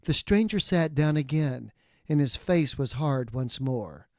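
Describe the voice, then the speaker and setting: Male podcast co-host, dramatic read-aloud narrator, fairly high voice, dry close sound. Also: unhurried, no room sound. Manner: expressive storytelling.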